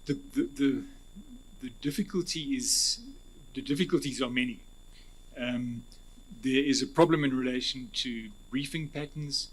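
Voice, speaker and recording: Measured South African man, husky recording. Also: medium pitch. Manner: measured, deliberate, with restarts. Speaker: interview candidate, advocate. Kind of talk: formal interview answers. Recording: husky, poor-quality hearing recording.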